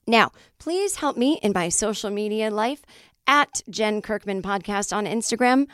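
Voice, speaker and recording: Cranky, animated woman podcast host. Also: on the high side, moderate pace, clean tone, dry recording, clean studio sound. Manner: cranky, animated, swears freely while plugging shows. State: voice not fully recovered. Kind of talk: solo podcast monologue.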